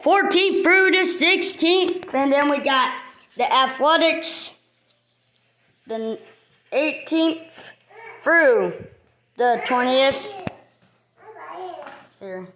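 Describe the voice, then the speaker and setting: A woman hosts a casual sports news rundown, reading a schedule item by item. She speaks slowly with a somewhat high voice. Her delivery is halting and list-like. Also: lively intonation, pushed and bright. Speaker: sports video host.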